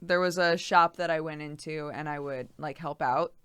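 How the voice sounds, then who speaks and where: Giggly pregnant woman streamer, smooth voice. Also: deep voice, steady tone, normal speed, a bit bright, no echo. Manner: giggly, rambling, lots of fillers. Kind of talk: casual chat reading out viewer messages.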